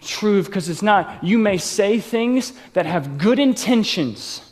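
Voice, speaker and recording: A man's voice: high voice, expressive, takes it slowly. A man preaching a sermon as pastor at a live church service, casual and joking as he tells personal stories. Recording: long reverb of a large church hall.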